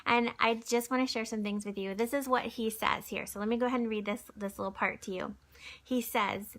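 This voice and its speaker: A woman giving a gentle, conversational devotional talk and reading aloud from a book for a recorded church video, with many fillers and restarts, sometimes dropping to a soft whisper. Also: on the high side, fairly even intonation, a little fast. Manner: drops to a soft whisper at times.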